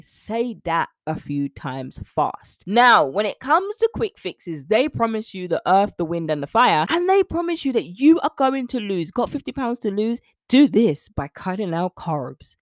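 A woman hosting a solo podcast, chatty and animated, acting out little scenes as she talks. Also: medium pitch, dry recording, clean studio sound. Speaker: podcast host.

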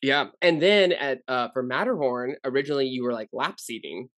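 A man's voice: mid-range voice, brisk, a bit bright, no echo. Rambling man chatting on a podcast. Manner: rambling, many fillers. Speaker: podcast co-host. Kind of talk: casual podcast chat.

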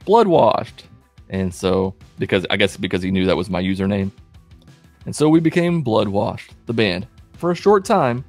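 A man in his late twenties telling stories in a wry, self-deprecating, animated way as a vlogger. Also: low-pitched. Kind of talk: casual self-mocking storytelling.

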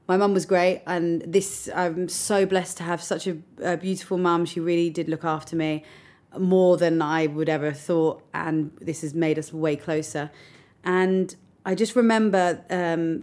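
A woman's voice: on the low side, darkish tone. A young adult woman telling a personal story as an interview guest, reflective and open, sometimes close to tears. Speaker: guest recounting a hard period.

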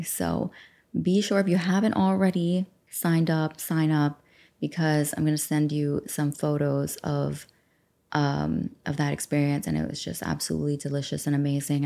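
Woman, podcast coach, chatty and affirming, mellow dark tone, studio mic. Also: deep voice, creaky. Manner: chatty, affirming, acts out her own thoughts. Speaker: podcast host and life coach. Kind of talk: casual guided journaling talk. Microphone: studio microphone.

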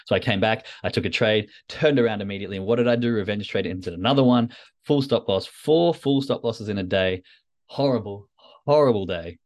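A man with a lowish voice talks quickly through a reflective solo podcast episode. He is candid and self-critical, circling back on his words and restarting sentences as he goes. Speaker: podcast host, trader.

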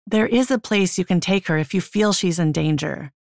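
Brisk, official male cop in an audiobook, as a woman narrator reads him; low, gravelly tone in a dry, close space. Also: darkish tone, dry recording. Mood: matter-of-fact. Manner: brisk questioning.

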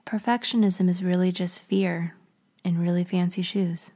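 A woman voicing Shame, a weary male figure in a spoken story who speaks quietly and in a subdued way. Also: lowish voice, steady tone, normal speed, natural voice. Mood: resigned.

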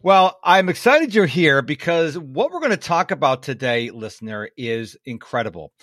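A man's voice: fairly high pitch, sing-song, moderate pace, a bit bright, no room sound, studio quality. A man hosting a podcast interview, enthusiastic and playful. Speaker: podcast host.

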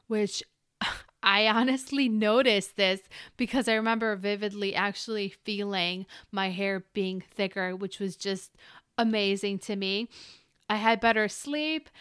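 Podcast host, woman, smooth clear voice, upbeat coaching chat, dry close mic. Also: medium pitch, fairly bright tone, dry recording. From Ukrainian family. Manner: chatty and encouraging, talks straight to the listener. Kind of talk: solo podcast monologue.

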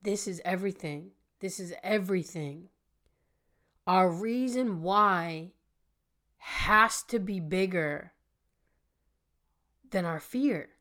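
A woman's voice: lowish voice, slow pace, long pauses, a bit bright. A woman in her thirties hosting a podcast, telling a personal story and speaking earnestly and directly to her listeners. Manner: earnest, addresses listeners directly as "you guys". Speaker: podcast host and healing coach.

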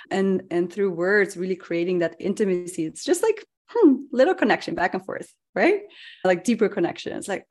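Woman hosting a podcast chat. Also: medium pitch. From Netherlands. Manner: expressive, laughs often, acts out quotes. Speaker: podcast host. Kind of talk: casual conversational interview.

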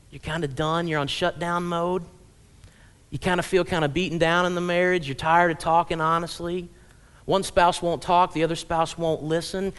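A male pastor giving a conversational, humorous sermon in a church, often checking in with the congregation. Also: high-pitched. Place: church sanctuary.

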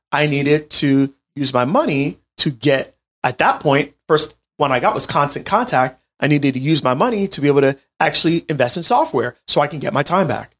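A man in his late twenties telling a personal story in an animated, chatty way, talking straight to his listeners. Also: fairly high pitch. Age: 20s. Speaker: healthcare business owner. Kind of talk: storytelling monologue to an audience.

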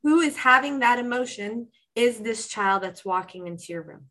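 A woman talking as a guest on a podcast, warm coaching chat that acts out inner voices with lively shifts. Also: on the high side, moderate pace, rough recording. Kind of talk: casual interview chat.

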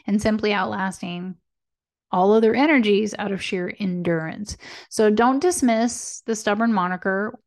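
Chatty woman with a gravelly edge. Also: medium pitch. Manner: chatty, tags lines with "right?" and "okay?"; laughs lightly and swears casually. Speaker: astrology podcast host. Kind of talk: casual solo podcast monologue.

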